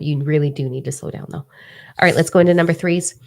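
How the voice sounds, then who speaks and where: Low gravelly woman giving an energy forecast. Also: fairly even intonation, quick pace, darkish tone. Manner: casual, emphatic, repeats key phrases. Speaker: spiritual reader.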